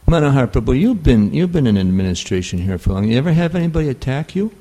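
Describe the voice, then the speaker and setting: A man with a New York accent giving a scripture class, halting and full of fillers. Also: mid-range voice, big pitch swings, mellow. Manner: halting, many fillers and restarts. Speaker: spiritual teacher.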